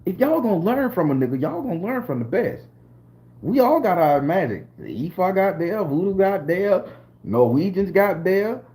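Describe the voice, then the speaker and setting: A Southern American man talks casually on a live stream, his voice sitting high and leaping up into sharp, excited exclamations. He is profane and animated, with wide swings in his delivery. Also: moderate pace. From southern Florida, USA. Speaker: spiritual channel host.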